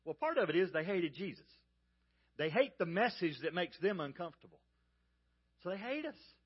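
A pastor from the American South with a Southern accent, preaching a sermon in a folksy storytelling manner and speaking straight to the congregation. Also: male voice, high voice, very animated, moderate pace, slightly rough, highs cut off. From Georgia, US South.

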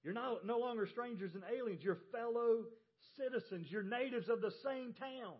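Southern pastor preaching, lo-fi sound. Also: male voice, extremely high pitch, normal speed, slightly rough. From American South. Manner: storytelling, folksy and emphatic. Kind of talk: sermon. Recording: dull lo-fi church audio.

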